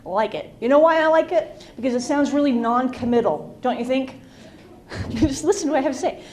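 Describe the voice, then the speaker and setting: A woman's voice: high voice, brisk. A woman doing a stand-up comedy set in a club, teasing the crowd and making fun of herself. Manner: self-deprecating, teasing the crowd. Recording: loud crowd laughter and bar noise.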